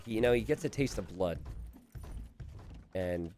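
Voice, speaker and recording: A man commentating a recorded strategy game match, animated and chuckling, calling out to the players. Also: on the low side, normal speed, a little hiss or hum.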